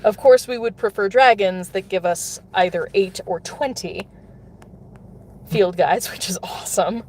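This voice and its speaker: A chatty woman with a voice of ordinary pitch, talking to her viewers while she plays a game in a parked car. She giggles often and talks loosely. Faint car noise runs underneath. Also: measured pace, darkish tone. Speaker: mobile game streamer. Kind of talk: casual live-stream chat while playing. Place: in a car, pulling over.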